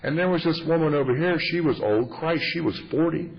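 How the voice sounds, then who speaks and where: A man's voice: fairly high pitch, fairly quick, vocal fry. A man in his fifties giving a humorous, confessional recovery talk, wry and self-mocking. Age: 50s. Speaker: recovery meeting speaker. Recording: muffled lo-fi tape with faint hiss.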